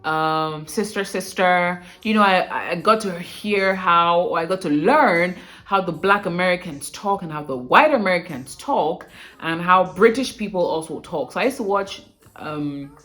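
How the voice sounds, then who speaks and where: A young woman from Nigeria with a Nigerian accent, coaching viewers on pronunciation in a casual, emphatic, animated way. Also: on the low side. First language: Bini. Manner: animated, emphatic, repeats words for correction. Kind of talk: casual talking-head lesson.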